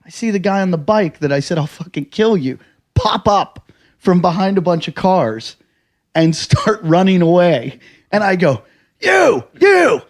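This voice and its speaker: An American comedian and host spins a long anecdote in relaxed conversation. His voice sits a little on the high side, and he swears freely, throwing himself into shouted quotes of what he said. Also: moderate pace. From United States. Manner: animated storyteller, shouts quoted lines, swears a lot. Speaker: podcast host, stand-up comedian. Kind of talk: casual storytelling chat.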